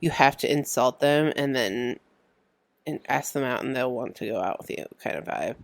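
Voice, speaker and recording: A woman's voice: very deep voice, moderate pace, gravelly, no room sound. A woman co-hosting a podcast, listening and adding short supportive comments in casual chat. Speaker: podcast co-host.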